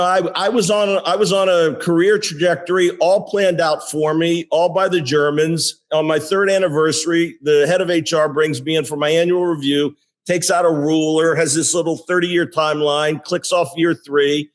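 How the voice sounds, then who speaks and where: A man in his sixties, a company CEO, telling career stories in a relaxed interview, with frequent restarts and fillers. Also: on the high side, normal speed. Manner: animated storyteller with many restarts. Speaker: guest, tech company CEO. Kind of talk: casual interview storytelling.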